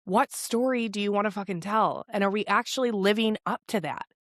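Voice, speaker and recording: Podcast host, woman, thirties, casual and profane, mid-pitched, dry room. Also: brisk, dry recording. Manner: profane, animated storytelling. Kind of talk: casual motivational monologue.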